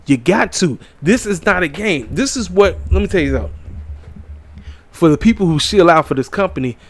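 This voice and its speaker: A man runs through a wrestling review in a loose, preachy talking style, leaning on his favorite catchphrases. His voice sits a little high for a man. The room is dry and close. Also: no echo. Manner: animated and preachy, repeats catchphrases. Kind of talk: casual commentary. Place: small room at home.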